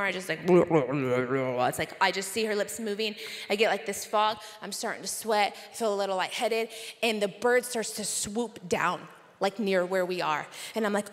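A woman preaching at a conference, telling a funny story with lively, animated delivery. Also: medium pitch, big-room sound. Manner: animated, comic storytelling with laughs. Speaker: conference speaker. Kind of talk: storytelling sermon. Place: conference hall.

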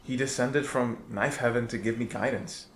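A man's voice: medium pitch, fairly even intonation, moderate pace, echoey room, a little hiss or hum. A man telling his story casually and self-deprecatingly in a comedy sketch. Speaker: knife video creator.

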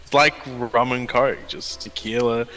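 A man's voice: mid-range voice, fairly even intonation, measured pace, bright, forceful tone. A man voicing a laid-back Australian bartender in a game roleplay, swearing casually and saying mate constantly.

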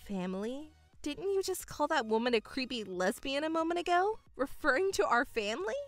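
A woman voicing a calm, cold young stepdaughter in a dramatized story, speaking in a measured, coolly firm way. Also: high-pitched, dry recording, soft background music.

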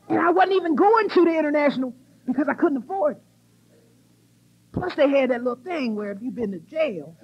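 A middle-aged woman from the US Midwest giving an animated, laughing personal testimony at a recovery conference. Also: sits high. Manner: animated, laughing, exclamatory storyteller. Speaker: recovery meeting speaker. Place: conference hall stage. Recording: muffled cassette tape transfer.

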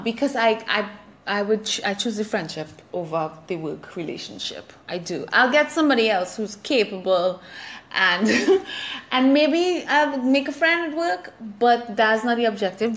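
A woman's voice: a little high, a bit bright. A woman hosting a solo podcast, talking candidly and reflectively about friendship and laughing at herself. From Trinidad and Tobago. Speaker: podcast host. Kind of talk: casual solo podcast monologue.

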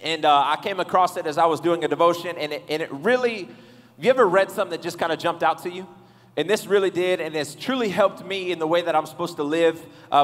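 High-voiced joking pastor in a reverberant hall. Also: male voice. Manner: joking, animated, talks to the crowd. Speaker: youth pastor. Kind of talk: casual comedic sermon. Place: large church hall.

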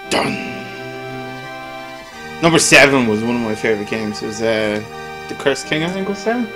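A man casually commenting on a game he plays, swearing and joking as he reads the text aloud. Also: medium pitch. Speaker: gameplay commentator. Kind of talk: casual let's play commentary.

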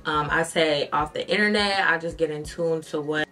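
A young woman vlogger chatting candidly to her viewers while doing her makeup, telling stories in an expressive way. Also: deep voice, normal speed, faint music behind. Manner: candid, expressive storytelling, addresses viewers as y'all. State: tearful at times. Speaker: beauty vlogger. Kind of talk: casual get-ready-with-me chat.

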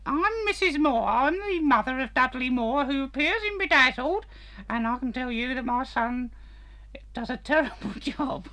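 A man voicing a prim, rambling elderly mother in a shrill falsetto for an improvised comedy sketch. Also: animated, normal speed, pushed and bright, full character voice.

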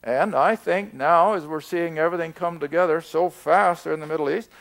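An older man teaching a Bible study in a slow, emphatic way, drawing out his words. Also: a little high, creaky, a bit bright.

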